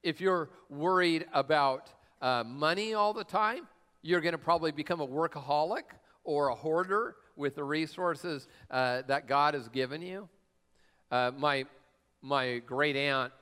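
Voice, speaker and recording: Smooth-voiced pastor joking through a sermon. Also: male voice, medium pitch, a bit bright. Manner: conversational, joking storyteller. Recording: long reverb of a large hall.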